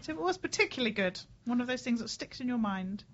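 A fairly high-voiced woman co-hosts a casual radio chat show, bubbly and teasing. Her voice comes through a dull, lo-fi recording. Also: lively intonation, fast talker. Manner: bubbly, laughs often, teasing.

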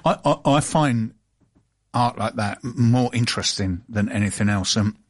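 A man's voice: on the low side, normal speed. A man co-hosting a casual chat, rambling and joking as he talks.

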